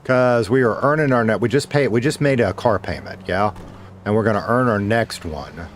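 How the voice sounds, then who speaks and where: A man with a lowish voice chats loosely through a game stream, drifting between muttering to himself and greeting viewers. His talk is relaxed and meandering, with a faint hum of noise behind him. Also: moderate pace. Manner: rambling, talks to himself and to chat. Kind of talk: casual livestream chat while gaming.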